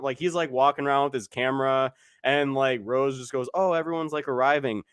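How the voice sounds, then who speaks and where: A man's voice: mid-range voice, smooth, no echo, studio quality. A young man hosting a podcast, talking casually about a movie, rambling with lots of filler and swearing. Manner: rambling, heavy "like" filler, profane. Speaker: podcast host.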